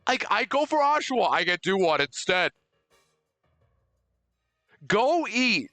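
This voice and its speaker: A young man chats through a live game stream, quick to overreact and shout in disbelief. His voice sits high and swings widely in pitch. The sound is bright and dry, close to the mic. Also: creaky, no room sound, faint music behind. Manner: excitable, loudly overreacting.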